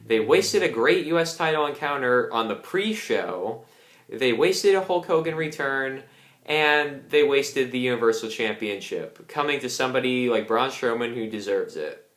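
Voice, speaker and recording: A man's voice: medium pitch, animated, measured pace, a bit bright. Angry young man ranting in a roomy echo. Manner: angry, ranting, swears a lot. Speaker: wrestling reviewer. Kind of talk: casual ranting review.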